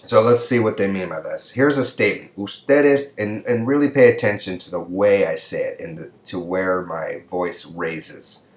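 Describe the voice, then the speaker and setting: This man is giving a Spanish grammar lesson on video, his delivery slow and careful. To show how pitch rises, he stretches out his example sentences, all captured in a room with noticeable echo.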